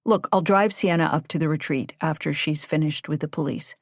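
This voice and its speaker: A woman reading the lines of a brisk, matter-of-fact male attorney in an audiobook. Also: deep voice, creaky, no echo, studio quality. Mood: businesslike.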